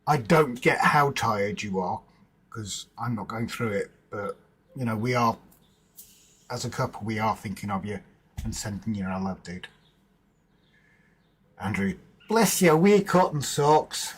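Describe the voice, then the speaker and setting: A man's voice: on the low side, normal speed, a bit bright, slightly rough, rough recording. A man hosting a casual livestream from home, chatting informally with viewers in the chat and bantering with his partner. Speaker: livestream host.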